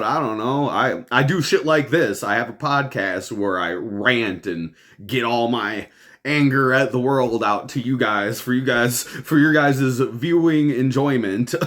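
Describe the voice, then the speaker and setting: A man's voice: medium pitch, a bit bright. A man hosting a podcast, ranting over the news in a profane, exasperated way and laughing often. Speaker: podcast host.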